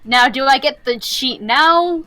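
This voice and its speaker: A woman's voice: high-pitched, a little slow, music in the background. A woman chatting casually while playing a game with friends. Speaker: co-player.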